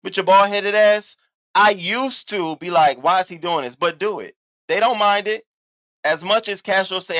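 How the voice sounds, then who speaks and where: A man, hosting a commentary show and ranting to his viewers. His voice sits a bit higher than most men's. He talks in an animated way and swears freely. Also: normal speed. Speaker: commentary host. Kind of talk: casual commentary rant.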